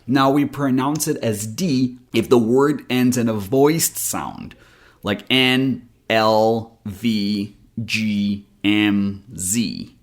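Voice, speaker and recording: Guy teaching english pronunciation, super slow and careful, walks through rules and example words. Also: on the low side. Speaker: accent coach. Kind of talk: pronunciation lesson.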